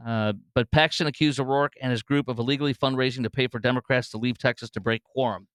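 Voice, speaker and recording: A man's voice: medium pitch, fairly even intonation, quick pace, smooth, dry recording. A man hosting a political talk show, rambling through commentary with many fillers and restarts.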